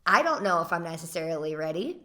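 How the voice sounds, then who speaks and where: A woman's voice: on the low side, big pitch swings, fast talker, sharp tone. A young woman co-hosting a candid chat, thinking aloud and asking probing questions. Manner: reflective, probing questions, many restarts. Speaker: co-host.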